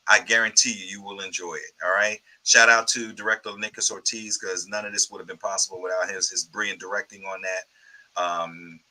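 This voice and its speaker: A man's voice: deep voice, pushed and bright, poor audio. A man guesting on an interview show, casually thanking people and plugging his work with lots of ums and restarts. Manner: rambling, grateful, many ums. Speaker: guest filmmaker.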